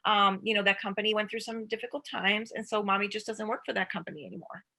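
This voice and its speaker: Female guest expert, bright tone, practical parenting advice with role-played lines. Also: mid-range voice, fairly even intonation, fast, creaky. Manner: acts out child and parent voices. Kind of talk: advice talk.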